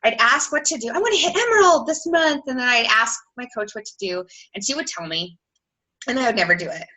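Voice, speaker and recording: A woman in her thirties giving casual coaching talk on a team call, chatty and quick, full of "like" and acted-out quoted messages. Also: a little high, expressive, sharp tone, rough recording. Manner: fast, chatty, lots of "like", acts out quoted messages.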